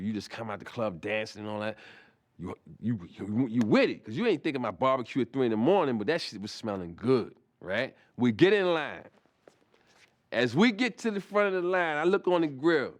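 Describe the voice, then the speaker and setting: A man telling a comic anecdote in a rambling, profane way, full of restarts and asides. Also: lowish voice. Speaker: comic storyteller.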